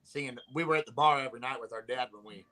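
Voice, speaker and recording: A man from Nevada, a country musician guest, telling a story in a bright, forceful voice. His talk is loose and meandering, chaining one clause to the next. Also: medium pitch, fast, no room sound. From Nevada, USA. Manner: rambling anecdotal, strings clauses with "and he said". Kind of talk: casual storytelling interview.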